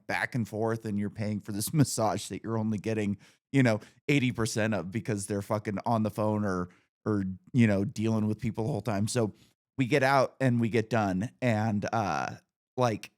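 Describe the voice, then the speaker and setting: A man in his forties hosting a podcast, telling stories in a blunt, profane, casual way. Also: lowish voice. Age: 40s. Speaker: podcast host.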